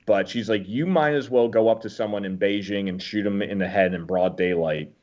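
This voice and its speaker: A man's voice: on the low side, a little fast, a little mellow, highs cut off. A man, a former Marine, talking as a podcast guest and telling stories bluntly, with some swearing. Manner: blunt storyteller, swears freely. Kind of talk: casual conversation.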